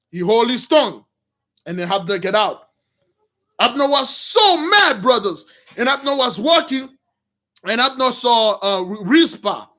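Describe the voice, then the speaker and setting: A man's voice: very high-pitched, bright, forceful tone. A man, a Bible teacher, retelling a Bible story in a rambling, slangy way with many restarts.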